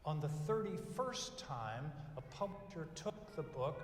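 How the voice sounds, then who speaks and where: An older man gives a graduation speech in a folksy storytelling manner, working through numbered advice. His voice sits high and comes through a reverberant hall. The mic is some distance away, with faint background noise. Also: very animated, measured pace. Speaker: commencement speaker. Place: large hall at a graduation ceremony. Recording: echoey hall from far off.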